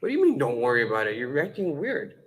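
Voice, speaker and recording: A man's voice: medium pitch, steady tone, a little fast, fairly bright tone, close to an everyday voice. A man playing a frustrated husband who demands that his silent wife explain herself. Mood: heated. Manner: pleading then insistent and exasperated.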